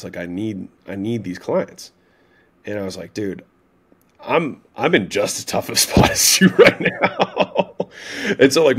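Man telling a story in casual talk. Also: on the low side. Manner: animated retelling, frequent "like" and "right?", occasional swearing. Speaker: podcast guest.

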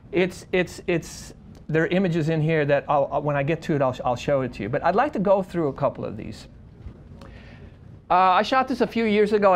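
Animated man telling a photography class stories. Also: a little high. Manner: animated, swings from quiet to loud, emphatic; conversational, frequent restarts. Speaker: wedding photographer teaching a seminar. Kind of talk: lively storytelling lecture.

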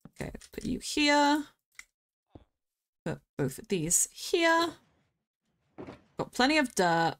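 A woman streamer offers casual commentary on her gameplay in a high-sitting voice. She's chatty and gets excited quickly, squealing at the animals she runs into.

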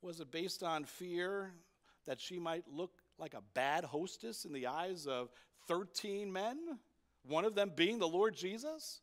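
High-voiced man preaching a sermon. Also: expressive, unhurried. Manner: emphatic, repeats key points for effect; asks the congregation rhetorical questions. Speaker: pastor. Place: church.

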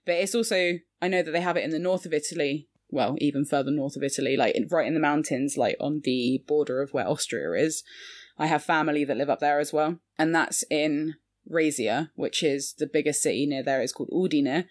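A woman's voice: deep voice, fairly quick. A woman, co-hosting a podcast in casual chat and often laughing. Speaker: occasional co-host.

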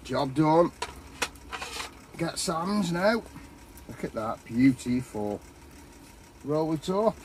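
A rambling, matey man, talking at an unhurried pace in a slightly raised voice. He chats away while cooking at a campsite, with faint outdoor noise around him. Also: on the high side, very animated. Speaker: vlogger. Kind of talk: casual chat while cooking.

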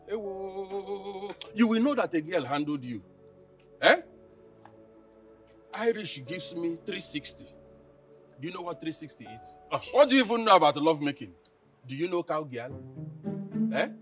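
An actor with a Nigerian accent playing a boastful, philandering husband known as Chief, mocking and blustering. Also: male voice, sits high, expressive, moderate pace, long pauses, fairly bright tone. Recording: distant mic with faint film music.

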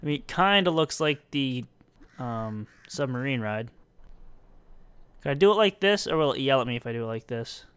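A man's voice: mid-range voice, lively intonation, normal speed, a bit bright, clear, resonant tone, dry recording. A young man giving casual, self-mocking commentary while playing a building game, talking to himself as he works. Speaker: let's-play gamer.

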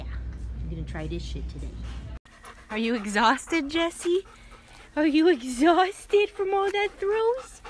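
American woman vlogging with noisy background. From United States. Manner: sing-song baby talk to her cats and dog, climbing high with excitement; soft murmuring whispers to the cat. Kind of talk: casual vlog chat, talking to pets.

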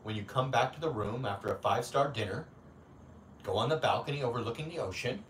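A man's voice: medium pitch, quick pace, far from the mic. A young adult man hosting a casual livestream, teasing his viewers as he reads their comments in a profane, jokey way. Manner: profane, teasing, jokey banter with frequent laughter. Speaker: livestream host. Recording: roomy echo, off-mic, faint background hum.

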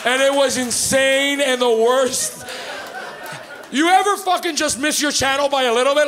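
A man in his thirties from Canada doing a stand-up comedy set in a club, telling stories in a profane, animated way. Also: very high voice, moderate pace, a faint crowd. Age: 30s. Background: live audience laughter.

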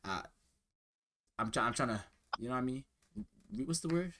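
A man hosting a vlog, chatting and teasing strangers on a video chat app in a quick, joking way that sometimes drops to a mumble. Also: mid-range voice, expressive, pushed and bright, a little hiss or hum.

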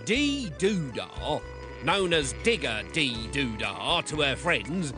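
A man's voice: medium pitch, lively intonation, slow pace. A man narrating a gruesome cautionary tale in a gleeful, theatrical storytelling style. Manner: gleeful, theatrical, relishing the gross details. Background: music.

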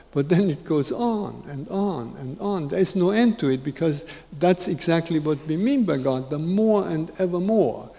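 A man in his eighties gives an unhurried, reflective spiritual talk to an audience, repeating key phrases for emphasis. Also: on the high side, a little mellow. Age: 80s. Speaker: spiritual speaker. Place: large conference hall. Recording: long reverb of a big hall.

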